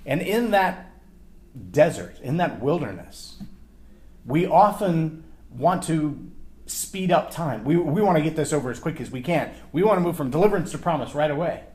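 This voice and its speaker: A man giving an animated Bible teaching on leadership, often acting out quoted lines and repeating words as he thinks aloud. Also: on the high side, normal speed.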